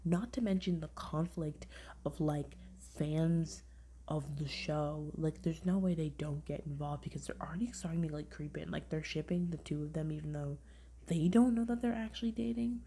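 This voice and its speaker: This podcast host is a young woman speaking at a moderate pace in a low-pitched voice, with slight background noise. She chats casually about reviews, rambling and leaning heavily on "like" while animatedly retelling events, often in a half-whisper.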